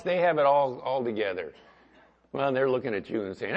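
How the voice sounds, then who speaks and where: A man preaching as pastor, talking conversationally and swinging between loud emphasis and quiet asides. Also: medium pitch, expressive, brisk, highs cut off. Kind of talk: sermon.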